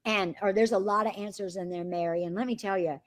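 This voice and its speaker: A woman's voice: medium pitch, fairly quick. A woman from the American South, leading a sales training on a call and acting out the messages she quotes. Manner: animated, acts out quoted messages in voices. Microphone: phone or call line.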